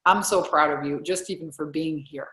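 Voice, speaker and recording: A woman business coach hosting a live group call. She sounds upbeat and effusive, and her pitch leaps when she gets excited. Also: moderate pace, reverberant.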